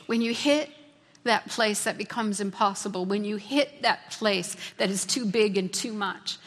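A woman's voice: medium pitch, a little slow. A woman preaching a fervent sermon, repeating key phrases for emphasis. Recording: long reverb of a large hall.

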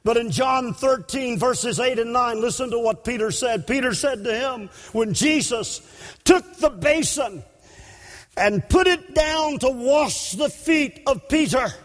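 A man preaching a sermon at an evening service, impassioned and breaking into shouts for emphasis. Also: very high voice, a little slow. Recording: long hall reverb.

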